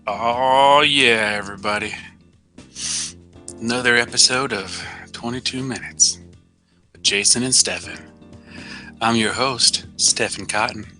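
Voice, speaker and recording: A man hosting a live-streamed show in casual chat, joking and laughing often, with soft music behind. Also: on the low side, a little slow, pauses often. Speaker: show host. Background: soft background music.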